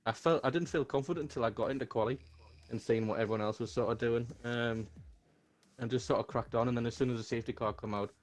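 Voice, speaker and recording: A man tells the story of his race at a quick clip, brisk and self-deprecating. His voice sits at a middle pitch. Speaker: sim racing driver being interviewed. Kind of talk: casual post-race chat.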